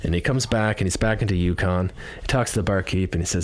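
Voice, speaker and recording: A man's voice: sits low, fast, few pauses. A man telling a rambling joke in a casual podcast chat, often restarting and laughing. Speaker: podcast host.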